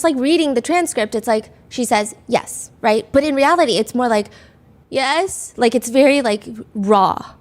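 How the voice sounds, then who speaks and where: Chatty woman podcast host, slightly high voice. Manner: chatty, conversational, reads out quotes in an animated way. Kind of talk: casual true-crime storytelling.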